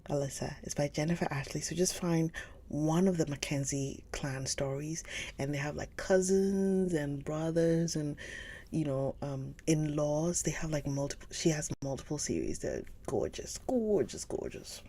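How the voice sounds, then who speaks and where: Low, gravelly woman chatting softly. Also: fairly even intonation, moderate pace. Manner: chatty, gushing, often drops to a soft whisper. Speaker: livestream book reader host. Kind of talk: casual chat with live chat viewers.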